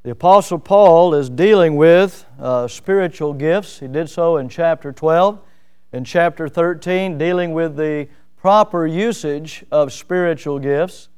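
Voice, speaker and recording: A middle-aged man preaching a sermon in a folksy, animated way, with lots of fillers. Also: fairly high pitch, a little slow, smooth. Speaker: pastor.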